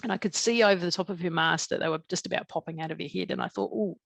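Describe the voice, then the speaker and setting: Woman guest calmly telling her own story, lots of soft ums, a bit of vocal fry, dry close sound. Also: on the low side, rapid-fire, dry recording. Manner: calm, matter-of-fact, many soft fillers. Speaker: podcast guest. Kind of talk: personal storytelling.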